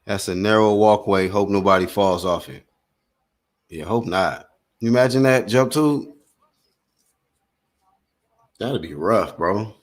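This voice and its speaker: This man's pitch is on the low side and his pace is normal. He hosts a laid-back live boxing commentary stream, talking to viewers and narrating each punch in lively, slang-heavy language.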